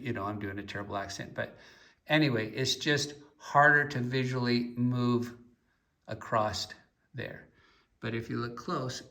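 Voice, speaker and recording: A man teaching a painting lesson, explaining at an unhurried pace while pointing at his work and mixing in stories. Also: mid-range voice, creaky, pushed and bright, distant mic. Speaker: painting instructor.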